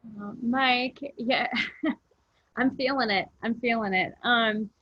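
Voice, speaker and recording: A woman's voice: on the high side, dry recording. Earnest woman on a muffled call. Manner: warm, earnest, rambling, with quick laughs. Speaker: fitness coach and guest speaker. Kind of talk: casual motivational talk.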